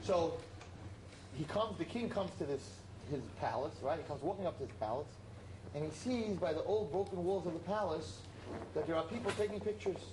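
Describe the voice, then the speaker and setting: A man teaching a class, telling a parable in an animated, emphatic way and repeating his points. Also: fairly high pitch, normal speed, noisy background. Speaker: religious teacher. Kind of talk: storytelling lesson to a class. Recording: roomy echo.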